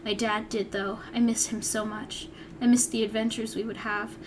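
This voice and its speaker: A woman's voice: a little high, level tone, normal speed, background noise. A young woman vlogger reading her old story aloud and breaking off for wry, chatty asides. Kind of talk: reading aloud with casual commentary.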